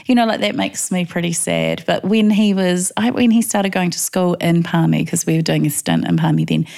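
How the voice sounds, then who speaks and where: This middle-aged New Zealand woman speaks at an ordinary pace in a lowish voice with vocal fry and a New Zealand accent. In a casual interview she opens up about personal stories, laughing often and dramatizing quotes.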